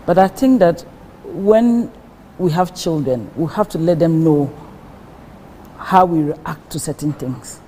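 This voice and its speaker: A woman who is a guest on a TV talk show, explaining her views in a measured way. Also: deep voice, dark tone, a little hiss or hum, rough recording. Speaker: guest speaker.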